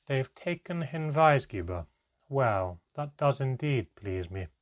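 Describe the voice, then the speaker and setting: A man voicing a cold, emotionless villain in a storybook, speaking flatly. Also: mid-range voice, slow pace. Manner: flat, each word said the same. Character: cold, emotionless elf leader, sinister.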